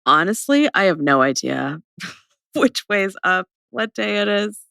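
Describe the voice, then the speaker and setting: A young woman co-hosting a podcast, her voice gravelly with vocal fry after a cold. She talks in a bubbly, chatty way, and her pitch swings up and down a lot. The sound is close and dry. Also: very animated, unhurried, sharp tone, no echo. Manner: bubbly, chatty, laughing often. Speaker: podcast co-host. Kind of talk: casual chat.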